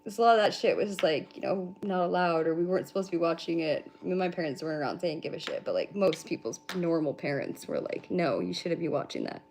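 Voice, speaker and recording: A woman's voice: fairly low pitch, fast, hardly any pauses, a little mellow. A young adult woman from Canada hosting a casual livestream, rambling to her viewers, swearing freely and laughing often. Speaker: livestream host and spiritual reader.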